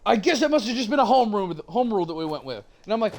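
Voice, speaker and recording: A young man streaming a game talks rapid-fire in a high, slightly mellow voice with big pitch swings. He chats casually while gaming, telling a rambling, profane story.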